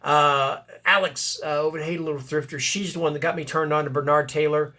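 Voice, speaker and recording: A booktuber chats casually about books, rambling, correcting himself, breaking into bursts of enthusiasm and reading blurbs aloud. His voice is a little high and a little fast, with fairly even intonation and a sharp tone.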